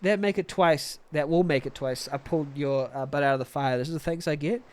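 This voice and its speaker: A man's voice: on the high side, brisk, close to an everyday voice. A man reading the lines of a cocky male revenant warrior in a taunting, sarcastic way, over game music. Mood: mocking.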